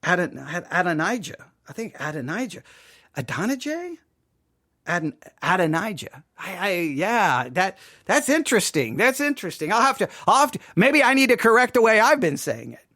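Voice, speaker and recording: A man's voice: sits high, big pitch swings, brisk, sharp tone, no echo, studio quality. A man commenting on a sermon he is reviewing, thinking aloud with frequent restarts and questioning himself. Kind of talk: casual commentary.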